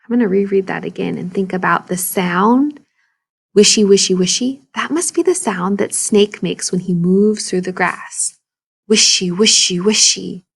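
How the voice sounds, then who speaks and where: A woman's voice: mid-range voice, expressive, normal speed, vocal fry, few pauses, breathy edge. A woman teacher reading a story aloud and explaining it to children in a video lesson.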